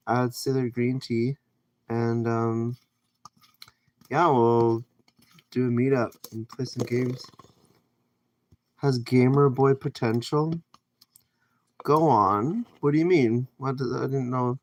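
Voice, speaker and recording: A man's voice: mid-range voice, a little mellow, a little hiss or hum. A man from Canada chatting casually with viewers on a live stream while he cooks, reading out comments and rambling through his answers. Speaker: livestreamer. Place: home kitchen.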